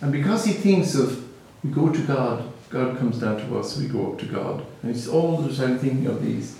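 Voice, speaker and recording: A man's voice: mid-range voice, lively intonation, normal speed, creaky. Musing Irish man in an echoey hall. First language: Irish Gaelic. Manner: musing, storytelling, gently humorous. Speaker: speaker on spiritual teaching. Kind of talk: reflective spiritual talk. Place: hall with a live audience. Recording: very echoey hall, mic far off.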